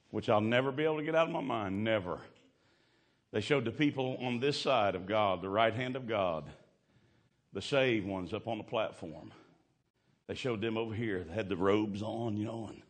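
A man preaching a fervent sermon, swinging from hushed asides to shouting. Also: fairly low pitch, normal speed.

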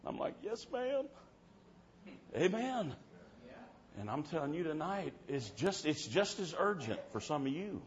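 Fervent preacher shouting in church. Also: male voice, on the high side, sing-song, moderate pace, few pauses. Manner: fervent, swings from soft to shouting. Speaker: traveling preacher. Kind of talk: revival sermon storytelling. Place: church service. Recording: dull muffled sound with faint background hiss.

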